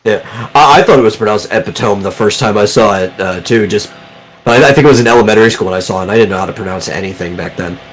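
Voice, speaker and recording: A man's voice: fairly low pitch, fast talker, a little hiss or hum, rough recording. A man hosting a casual live stream, explaining things in an easygoing, rambling way.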